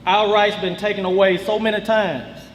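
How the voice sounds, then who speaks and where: A man's voice: high voice, level tone, normal speed. Earnest man speaking in an echoey hall. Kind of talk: speech at a meeting. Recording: echoey hall with faint room noise.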